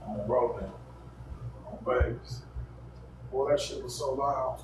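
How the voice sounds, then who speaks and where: A man hosting a livestream, talking in a blunt, profane, animated rant. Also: mid-range voice, slow pace, noisy background. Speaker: livestream host. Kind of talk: casual ranting livestream.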